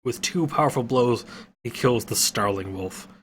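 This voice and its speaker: A man reading an adventure story aloud, steady with occasional slips and self-corrections. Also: medium pitch, normal speed, slight background noise.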